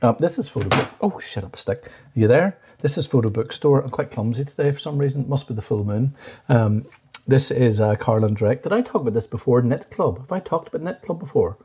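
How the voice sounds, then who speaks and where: On a podcast, a male co-host chats casually in a medium-pitched, dark voice with a breathy edge, talking animatedly and a little fast. He's distracted and rambling, restarting his sentences a lot.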